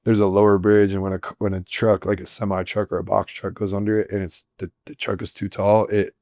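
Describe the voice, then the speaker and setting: A man co-hosting a podcast, telling stories in a casual, animated, joking way. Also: on the low side, fairly quick, no echo, studio quality. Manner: animated storyteller, joking and laughing. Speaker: podcast co-host. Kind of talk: casual chat.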